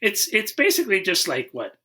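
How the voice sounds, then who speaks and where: A man co-hosting a casual movie podcast, with a husky, slightly raised voice. His pitch bounces freely and his tone is bright and forward. He jokes and acts out lines from the film in quoted asides. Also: huge pitch swings, fairly quick. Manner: jokey, mimics movie characters in quoted asides. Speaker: podcast co-host. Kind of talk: casual chat.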